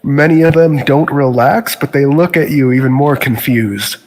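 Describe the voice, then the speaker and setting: A man narrating a tabletop game as game master in a measured, dry manner. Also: medium pitch, long reverb tail.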